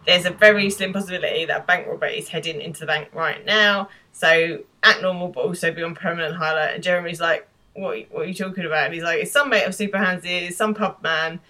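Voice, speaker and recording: A British woman co-hosting a podcast, casually recapping a TV episode with animated quoted lines and laughter. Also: fairly low pitch, poor audio. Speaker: podcast co-host.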